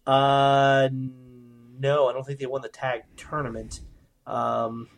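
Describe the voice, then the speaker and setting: A man co-hosting a podcast in casual chat, animated and jokey, with bursts of excitement. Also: mid-range voice, slow pace, creaky. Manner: animated, jokey, trails off with fillers. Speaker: podcast co-host.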